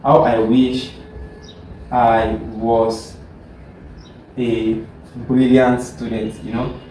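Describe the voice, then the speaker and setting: A man's voice: mid-range voice, little pitch movement, very slow, a little mellow, far from the mic, slight background noise. Male teacher lecturing in an echoey room. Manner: keeps checking "are you getting what I'm trying to say?"; repeats and restarts words while explaining. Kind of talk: classroom lecture on logic.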